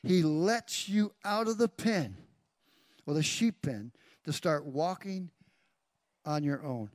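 A male pastor with a fairly high, lively voice preaches slowly, calling out congregation members by name during a sermon that includes a live demonstration. The sound is clean studio audio with no room sound.

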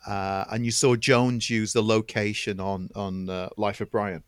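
Enthusiastic man with a low, dry voice. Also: little pitch movement, unhurried, clean tone, dry recording. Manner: enthusiastic, repeats words while building a point. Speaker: podcast co-host. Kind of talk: casual film chat.

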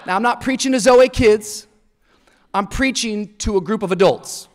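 A man in his thirties preaching a sermon in a church, an animated storyteller who acts out voices and laughs often. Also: sits high, normal speed. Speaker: pastor. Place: church auditorium. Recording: large hall reverb.

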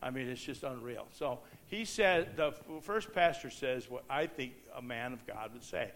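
A man preaching an impassioned sermon, reading scripture slowly and emphatically and swinging from loud proclamation to hushed storytelling. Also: mid-range voice, expressive.

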